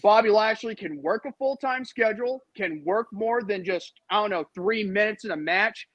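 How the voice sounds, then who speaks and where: Man, podcast host, heated rant, bright tone, dry close sound. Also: high-pitched, moderate pace, no echo, dull audio. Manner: heated, ranting, repeats himself. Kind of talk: casual panel chat.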